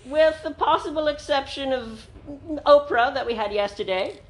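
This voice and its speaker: Brief: woman podcast host, slightly high voice, playful and rambling, comedy banter. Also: moderate pace.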